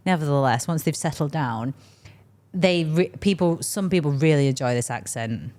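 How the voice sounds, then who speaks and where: A young woman with an English accent chats and teases on a podcast. Her voice sits unusually low for a woman, and she laughs easily between lines. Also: expressive, moderate pace, a little mellow. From England. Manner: teasing, laughs often. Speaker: podcast co-host. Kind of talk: casual chat.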